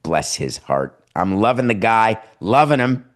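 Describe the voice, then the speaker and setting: A man's voice: lowish voice, very animated, a little slow. Sardonic man hosting a sports show. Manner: sardonic, mocking impressions of owners. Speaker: podcast host. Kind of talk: sarcastic sports commentary. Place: home studio.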